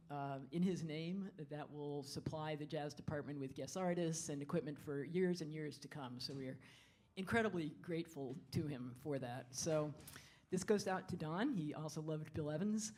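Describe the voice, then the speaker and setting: Between pieces, a jazz bandleader addresses the concert hall audience from the stage in a low, slightly mellow voice. She's friendly but halting, with fillers and restarts, and a stage microphone picks her up.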